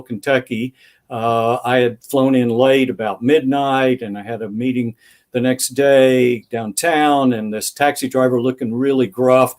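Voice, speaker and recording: A man's voice: mid-range voice, darkish tone. Older man, author guest, thoughtful storyteller, mid-range voice, acts out dialogue. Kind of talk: interview answers, anecdotal storytelling.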